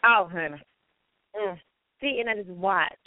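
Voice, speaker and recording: A woman with a Southern accent gossiping about a coworker in a sassy, animated way on a call-in show. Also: medium pitch, a little slow, noisy background. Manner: sassy, animated gossiping, calls people honey. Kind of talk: casual chat. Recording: dry tinny phone line.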